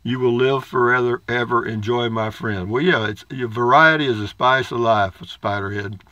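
Older man, folksy and rambling, bright forceful tone, dull lo-fi sound. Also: medium pitch, moderate pace, no echo. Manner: folksy, rambling, dry humor. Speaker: vlogger reading viewer comments. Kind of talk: casual comment-reading chat.

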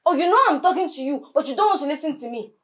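A high, sharp-tongued teenage girl who heaps curses and scorn on her sister in a Nollywood film. Her comes through, and she stumbles over her words when she is heated. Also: expressive, racing. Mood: mocking. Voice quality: scornful, cursing, stammering when worked up.

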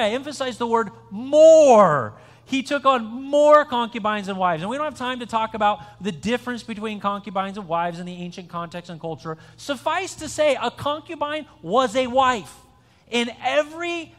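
A man with a high voice preaches a conversational sermon in a church sanctuary. He talks in a chatty, joking way and often restarts his sentences. A long hall reverb trails each phrase. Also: a bit bright. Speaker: pastor. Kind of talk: conversational sermon with an interactive quiz.

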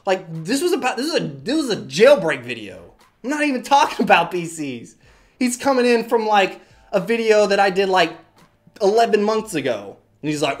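A man's voice: high voice, very animated, moderate pace. Sarcastic young man ranting at comments. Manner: sarcastic, exasperated, swears freely, mocks commenters in silly voices. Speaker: YouTube tech host. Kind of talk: reading and ranting about viewer comments.

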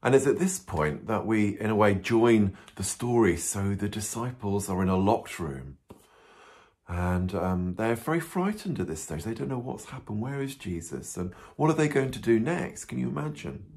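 A priest telling a Bible story to children, animated and full of questions, with frequent ums. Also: male voice, fairly low pitch, normal speed. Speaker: parish priest.

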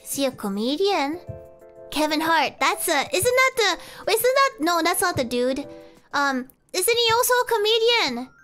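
A woman's voice: very high-pitched, sing-song, unhurried, a bit bright, faint music behind. A young woman streaming and chatting casually, giggling and rambling as she guesses and second-guesses herself. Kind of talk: casual live-stream chat.

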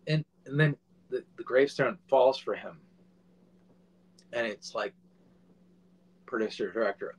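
A man in his forties, a filmmaker guest, telling a casual anecdote in an animated way and swearing freely. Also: mid-range voice, a little slow, pauses often, slightly rough, low-quality recording.

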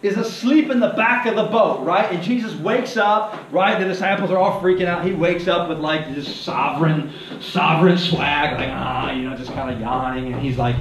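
A male pastor preaching a sermon in a lively, animated way, acting out the voices of people in the story and asking the congregation to repeat lines after him. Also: on the high side, normal speed, a little hiss or hum. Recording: echoey hall, heard from a distance.

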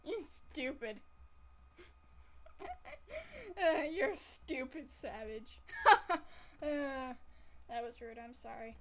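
High-voiced giggly woman gamer. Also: animated, drawn-out words, pauses often, fairly bright tone. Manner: giggly, playful and melodramatic. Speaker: gameplay commentator. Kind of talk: casual let's-play commentary.

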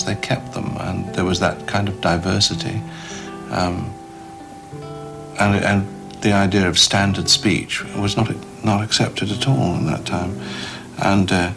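Low gravelly guy musing slowly, guitar music behind. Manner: thoughtful, with fillers. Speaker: commentator. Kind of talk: reflective interview.

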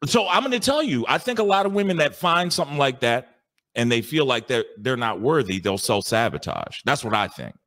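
A man with a deep radio-announcer voice, calling in to chat in a laid-back, joking, slangy way. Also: sing-song, fairly quick, fairly bright tone. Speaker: caller and channel host. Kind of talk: casual call-in chat.

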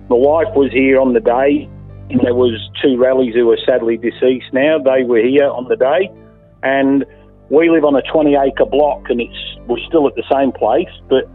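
Husky Australian man on a phone line. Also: mid-range voice. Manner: emphatic, swears freely, repeats himself. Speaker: interviewee, landowner. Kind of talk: casual storytelling. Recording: tinny phone line with faint music.

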